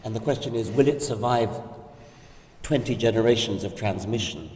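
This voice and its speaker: An older man with a low, mellow voice lays out his reasoning in a calm, measured way. He sounds far from the mic, and his voice rings through a large echoey hall. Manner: measured, explanatory, with occasional restarts. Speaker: discussion guest. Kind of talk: conversational scholarly discussion.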